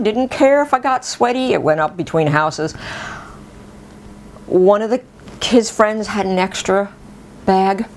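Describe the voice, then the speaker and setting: A middle-aged woman tells a personal story in a relaxed, chatty way. Her voice sits at a mid pitch, and she is animated and quick to laugh. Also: a little hiss or hum. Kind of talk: casual spoken storytelling.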